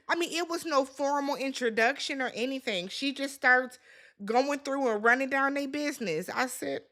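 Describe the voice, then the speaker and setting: A woman talks through a reality show recap in a casual, sassy way. Her voice sits high and sounds bright. She slips into the cast's lines as she tells it. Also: normal speed.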